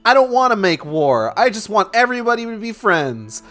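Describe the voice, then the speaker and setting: A man voicing a naive, peace-loving king who talks in an earnest, gentle way. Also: high-pitched, very animated, moderate pace, pitched above the performer's own voice.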